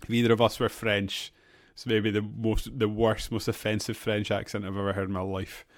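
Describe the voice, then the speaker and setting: A man's voice: fairly low pitch, little pitch movement, moderate pace, no echo, clean studio sound. A man co-hosting a casual podcast, chatty, laughing often and trailing off mid-sentence. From England. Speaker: podcast co-host. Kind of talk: casual chat.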